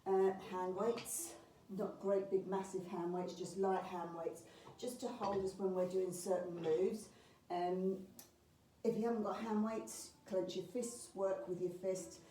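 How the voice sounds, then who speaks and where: The Pilates instructor calmly walks a beginners class through the exercises one step at a time, her mid-range voice a little slow and sprinkled with fillers. Recorded from across the room, the audio is roomy with faint ambience and a bit of hiss or hum.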